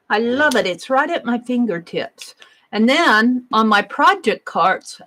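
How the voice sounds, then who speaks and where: A woman talks her way through an art journal page at her craft desk, unhurried and easygoing. She chats to viewers and herself, dropping into soft murmured asides as she works. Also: a little high, expressive, poor audio. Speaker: art journaling livestream host. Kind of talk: casual crafting narration.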